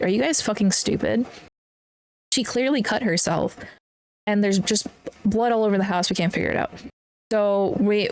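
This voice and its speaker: A woman's voice: mid-range voice, slight background noise. A young woman hosting a podcast, casually telling a story from her ambulance work, blunt and swearing freely as she acts out the people in it. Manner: blunt, swears freely, animated retelling with quoted voices. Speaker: podcast host.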